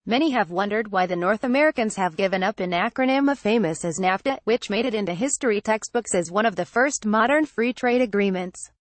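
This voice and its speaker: A trade-policy newsletter is read aloud as scripted news by a woman of medium pitch. Her even, measured narration carries no echo.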